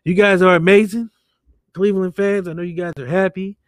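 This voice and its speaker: Male podcast host, higher pitch, loose jokey delivery, dry close mic. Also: fairly even intonation, fairly quick, dry recording. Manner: joking, loose, swears freely. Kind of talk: casual podcast banter. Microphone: remote call setup.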